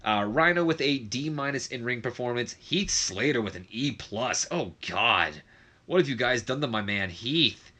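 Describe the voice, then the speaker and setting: A man's voice: mid-range voice, animated, pushed and bright. A young man casually recapping a wrestling management game, chatty, with lots of fillers and self-corrections. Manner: does quick mock voices of others. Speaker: game commentator.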